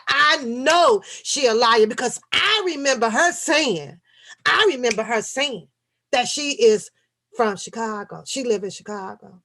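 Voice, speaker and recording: A woman in her thirties who rants and tells stories to her viewers, swearing freely and sounding animated. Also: fairly high pitch, unhurried, gravelly. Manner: profane, animated, talks straight to viewers. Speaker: vlogger. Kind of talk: casual storytelling rant.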